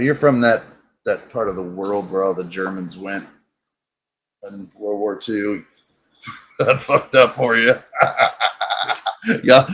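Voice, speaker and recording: A man's voice: lowish voice, gravelly, fairly bright tone, a little hiss or hum. A man hosting a comedy talk show, crude and sarcastic in casual banter. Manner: crude, sarcastic, rambling storyteller. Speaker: show host.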